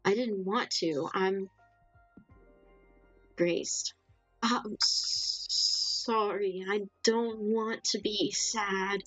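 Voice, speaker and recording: A woman voicing a fragile, lost female ghost in a game, reading slowly and quietly. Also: mid-range voice, fairly even intonation, no room sound, soft background music, low-quality recording. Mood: melancholy. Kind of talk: reading game dialogue aloud.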